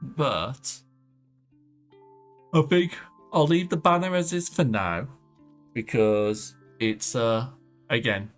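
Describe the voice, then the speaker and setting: A man's voice: medium pitch, takes it slowly, pauses often. Rambling man streaming his art. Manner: rambling, thinking aloud with soft trailing phrases. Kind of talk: casual livestream chat while drawing. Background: faint background music.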